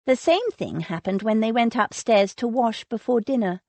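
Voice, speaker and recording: A woman narrating a romance audiobook in a measured, emotional read. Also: a little high, lively intonation, darkish tone, no room sound. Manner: slow and measured, voicing characters with emotion. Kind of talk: scripted narration of a romance novel.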